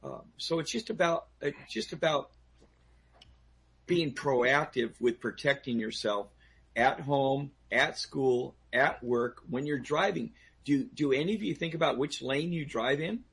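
A man's voice: mid-range voice, unhurried, gravelly, a bit bright, slightly rough. A man speaking as a guest on a talk show, giving personal safety advice with emphatic restarts and questions aimed at the audience.

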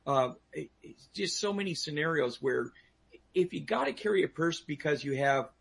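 A man's voice: on the high side, lively intonation, normal speed, creaky, fairly bright tone, slightly rough. A man speaking as a guest on a talk show, giving personal safety advice with emphatic restarts and questions aimed at the audience.

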